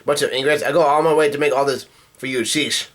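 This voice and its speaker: A man's voice: mid-range voice, steady tone, quick pace, a bit bright, lightly acted. A man reading out the lines of a brash young male pirate captain from a comic, in a plain read-aloud delivery.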